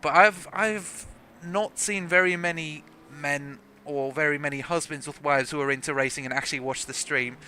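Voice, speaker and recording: A young man from South Africa with a South African accent softened by British English, giving rambling, jokey commentary on a sim racing livestream. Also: a little high, steady tone, normal speed, hardly any pauses, a little hiss or hum. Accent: South African with some British English. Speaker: race commentator.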